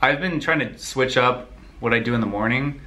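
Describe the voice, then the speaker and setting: A young man from the United States answering viewer questions in a relaxed, rambling way, laughing easily. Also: mid-range voice, moderate pace. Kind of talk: casual Q&A chat.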